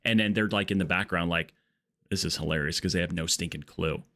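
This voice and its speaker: A man's voice: low voice, fast talker, bright, forceful tone. Rambling joking male game streamer. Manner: rambling, joking, goes off on tangents. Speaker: livestream gaming host. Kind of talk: casual live gameplay chat. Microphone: earbud mic.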